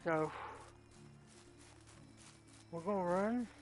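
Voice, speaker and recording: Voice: mid-range voice, extremely slow, a little mellow, faint music behind, rough recording. A gaming channel co-host giving let's play commentary, talking to themself while playing and yelping when chased.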